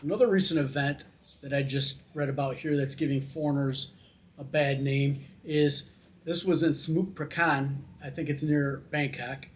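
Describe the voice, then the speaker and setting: A man's voice: a little high, steady tone, normal speed, a little hiss or hum. Chatty, opinionated man vlogging. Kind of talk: casual vlog commentary. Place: in Thailand.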